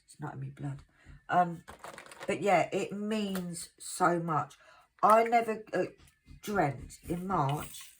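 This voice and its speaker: A middle-aged woman from England chatting casually to her viewers at home, self-mocking and quick to laugh. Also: lowish voice, a little hiss or hum. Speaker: craft vlogger.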